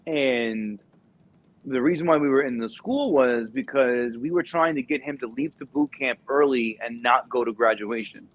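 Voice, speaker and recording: A man's voice: mid-range voice, normal speed, phone-quality sound. A man in his thirties, a former recruiter, telling a rambling story full of "like" and "you know". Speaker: podcast guest, former Marine recruiter. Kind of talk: casual storytelling.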